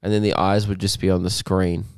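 A man's voice: low voice, flat delivery, a little fast, darkish tone, clear, resonant tone, dry recording, clean studio sound. A man, co-hosting a comedy podcast in casual, joking chat. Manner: joking, mock teacher rants. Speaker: podcast co-host.

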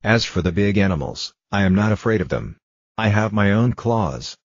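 A man's voice: fairly low pitch, lively intonation, normal speed, no echo. A man reading as a proud, fragile flower. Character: proud, fragile female flower, gently scolding. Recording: dull lo-fi dry recording.

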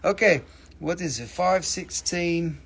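A man with a notably high voice runs a live crystal sale, jumping from price to price in loose patter. He jokes around constantly and swears freely, rambling as he goes. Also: takes it slowly, fairly bright tone, husky. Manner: joking, profane, rambling. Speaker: livestream crystal seller.

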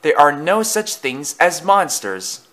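A man's voice: a little high, sing-song, takes it slowly, fairly bright tone, pitched above the performer's own voice, heavily acted. A man voicing a cheeky young male tank engine in a storybook.

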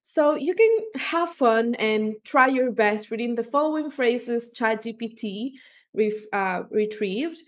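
A woman's voice: fairly high pitch, expressive, slow pace. Woman explaining step by step. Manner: explanatory, with fillers and self-corrections. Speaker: language instructor. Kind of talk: instructional explainer.

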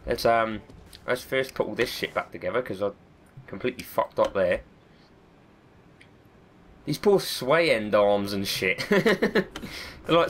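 A man's voice: fairly low pitch, animated, a little slow, pauses often, fairly bright tone, slight background noise. A man with a cold, giving chatty, self-mocking let's-play commentary and swearing often. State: has a cold. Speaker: gaming video host.

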